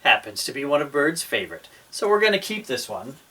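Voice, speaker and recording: A man's voice: a little high, very animated, a little fast, bright, forceful tone, slightly rough. Playful pirate-captain storyteller man. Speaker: storybook reader and show host. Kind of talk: reading a picture book aloud.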